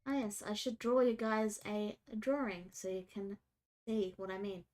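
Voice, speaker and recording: A woman's voice: medium pitch, normal speed, darkish tone. A woman narrating as game master of a tabletop role-playing game, casual and descriptive.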